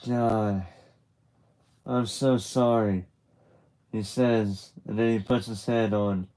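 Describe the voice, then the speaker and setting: A man's voice: lowish voice, a little mellow, low-quality recording. A man narrating a graphic novel aloud on a live stream, casual and chatty, with restarts and asides. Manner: loose and chatty, with restarts and laughter.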